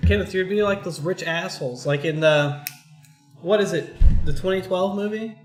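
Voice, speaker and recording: A man's voice: sits high, normal speed. A man co-hosting a casual chat, joking and acting out quoted voices. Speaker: co-host. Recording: echoey room, faint music.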